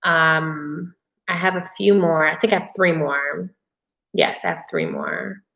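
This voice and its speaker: A woman with a deep, gravelly, slightly bright voice speaks in an animated but unhurried way, sounding roomy. She hosts a casual live-stream Q&A, answering viewers with candid, emotional personal stories, talking conversationally with lots of fillers and restarts.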